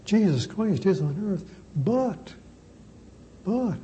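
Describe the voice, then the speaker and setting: Slow, dark-voiced preaching priest. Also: male voice, on the high side, animated, dull audio, a little hiss or hum. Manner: slow, emphatic preaching with deliberate repetition. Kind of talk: sermon.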